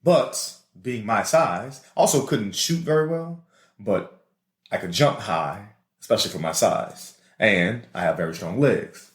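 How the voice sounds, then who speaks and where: Lowish in pitch and a little slow, his voice carries a New Orleans accent and bounces around an echoey room. The podcast co-host laughs and stays animated while telling casual stories about school.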